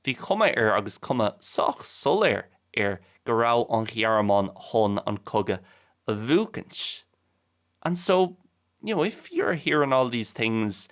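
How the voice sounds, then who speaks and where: Casual podcast teacher. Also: male voice, fairly low pitch, sing-song, unhurried, fairly bright tone. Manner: casual, repeats each line in two languages. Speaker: Irish language teacher and podcast host. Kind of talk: bilingual podcast lesson.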